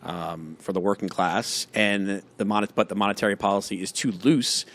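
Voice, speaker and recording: A man with a lowish voice speaks on a live trading broadcast. He weighs each point carefully and leans on fillers as he thinks aloud. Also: moderate pace, fairly bright tone. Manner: thoughtful, hedging with fillers. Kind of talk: live market discussion.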